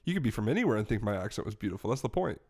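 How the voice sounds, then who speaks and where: A young man in casual chat as a podcast host. His voice sits low, and he talks in a loose, self-mocking, jokey way. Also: sing-song, very fast, a little mellow.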